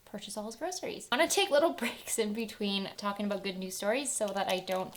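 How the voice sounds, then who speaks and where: Young woman, beauty vlogger, casual get-ready-with-me chat, chatty and upbeat, medium pitch. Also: fast. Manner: chatty and upbeat, tearing up at touching stories.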